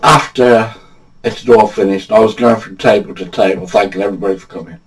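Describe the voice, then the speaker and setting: A man's voice: lowish voice, steady tone, a little fast, slightly rough, poor audio. An older man from England, telling funny true anecdotes in a chatty, casual way and laughing at his own stories. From England, Badsey. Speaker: storyteller.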